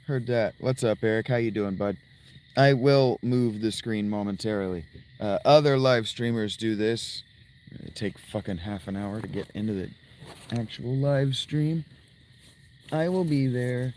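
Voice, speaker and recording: A man's voice: lowish voice, measured pace, darkish tone, low-quality recording. Man joking crudely from a tent. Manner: crude, joking, rambling asides to chat. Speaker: live streamer. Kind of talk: casual livestream chat to viewers. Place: inside a tent outdoors at night.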